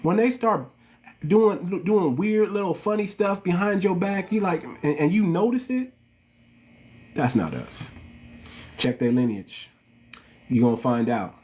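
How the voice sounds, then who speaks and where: A man's voice: sits high, sing-song, unhurried, pauses often, dark tone. Ranting man with African American English. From United States. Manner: preachy, repetitive, addresses viewers as family. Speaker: channel host. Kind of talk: ranting livestream monologue.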